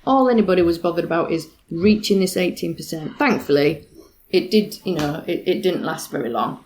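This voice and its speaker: A woman's voice: on the low side, animated, a little fast, darkish tone, slight background noise. A woman from England speaking as a guest on a podcast, candid and emphatic, with frequent fillers. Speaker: interview guest, retired firefighter. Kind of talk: conversational interview.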